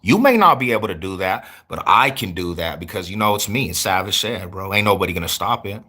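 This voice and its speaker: A man in his forties talks casually to his viewers, tossing out street slang and loud shout-outs. His voice sits fairly low but has a tense, forceful edge. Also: expressive, a little fast, slightly rough. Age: 40s. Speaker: YouTuber. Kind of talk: casual livestream chat answering viewers.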